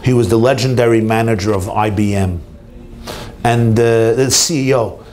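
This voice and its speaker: A man, a rabbi, giving an inspirational talk at an event, telling stories and jokes with lively swings in his voice for emphasis. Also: moderate pace. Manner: animated storyteller, swings pitch for emphasis. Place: hotel event hall.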